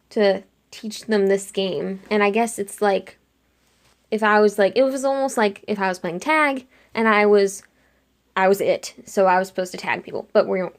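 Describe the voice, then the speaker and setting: A young woman chatting casually while she sketches, retelling a dream in an animated way and acting out her own lines with lots of "like". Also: medium pitch, creaky. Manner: chatty, animated quoting of herself with frequent "like". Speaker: art vlogger.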